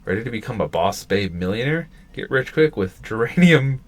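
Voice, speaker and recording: A man reading aloud in a high, shrill voice as a gullible, excitable schoolgirl who whines and protests. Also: normal speed. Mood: excited.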